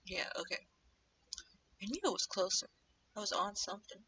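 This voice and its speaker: A young woman livestreaming while she animates, chatting casually in a rambling way and drifting into low muttering to herself as she draws. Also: lively intonation, quick pace, sharp tone, recorded from a distance, slight background noise. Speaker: streamer animating live. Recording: dull lo-fi mic set back from the speaker.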